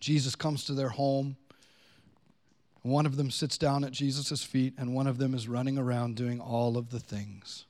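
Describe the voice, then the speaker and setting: A man's voice: mid-range voice, little pitch movement, normal speed, darkish tone. A man pastor preaching a sermon in a church, earnest and conversational. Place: church sanctuary.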